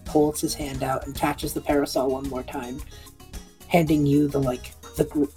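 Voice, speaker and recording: A woman narrating a tabletop game as game master, relaxed and casual, with many "like"s. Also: low-pitched, moderate pace, faint music behind.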